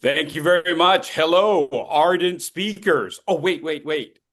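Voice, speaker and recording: A man's voice: a little high, unhurried, fairly bright tone. A man coaching speakers in an online voice workshop, upbeat and leading repeat-after-me drills. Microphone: video call.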